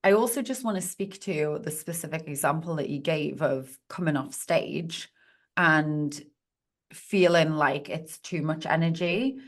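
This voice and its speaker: Speaking slightly slowly in a low voice, this positive psychologist joins a podcast conversation as a guest, offering sincere, supportive coaching-style talk.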